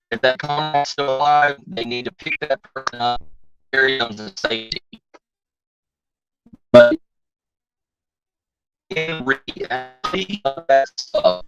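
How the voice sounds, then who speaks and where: Over a weak phone connection with muffled, lo-fi audio from bad cell signal, a middle-aged man with a medium-pitched, slightly bright voice rambles in casual livestream chat. He reads viewer names aloud and thinks out loud as he goes.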